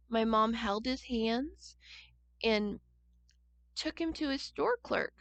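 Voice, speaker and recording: Slow, lively woman reading a children's story. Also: a little high, creaky, dry recording. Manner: gentle and expressive, asking children questions. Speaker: church storyteller.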